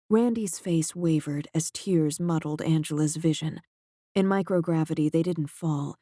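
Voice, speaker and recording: A man narrating an audiobook in a measured, steady way, close to a studio mic. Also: fairly high pitch, dry recording. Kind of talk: scripted narration.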